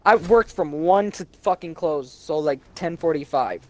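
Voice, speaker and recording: A man's voice: a little high, unhurried. A young man chatting while he streams a game, telling profane stories about his workday with lots of energy. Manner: animated, profane storytelling. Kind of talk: casual chat while gaming. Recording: noisy background.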